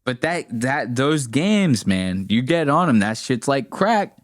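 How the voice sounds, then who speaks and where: A man co-hosting a podcast in casual chat, laughing often and doing quick voiced impressions of people from clips. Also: mid-range voice. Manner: laughing, animated, profane storytelling with voiced impressions. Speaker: podcast co-host.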